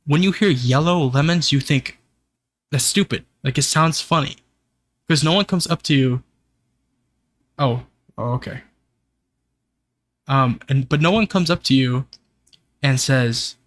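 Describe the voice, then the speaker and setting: Young man, laid-back slow delivery, chatty, exasperated ranting to a live chat. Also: medium pitch, dry recording. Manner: ranting, swearing, laughing to chat. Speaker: streamer. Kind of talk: casual livestream rant.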